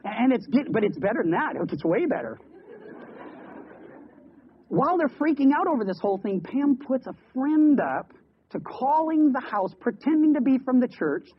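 A man's voice: very high-pitched, very animated, slight background noise. Man preaching over lo-fi radio. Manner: storytelling with quick voiced asides and repeated words. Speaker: pastor. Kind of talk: sermon. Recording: dull lo-fi radio broadcast.

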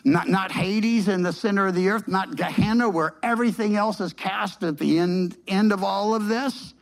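Here the pastor's voice sits high and creaky, moving at a moderate pace over poor audio. Preaching in a chatty way, he unpacks scripture while frequently restarting phrases, dropping filler words, and repeating points for emphasis.

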